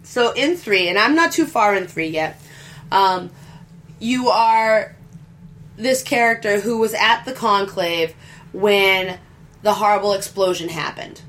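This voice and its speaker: Casting note: woman, mid-pitched, casual game chat, rambling, crude jokes. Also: measured pace, a bit bright. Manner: chatty, rambling, crude humor.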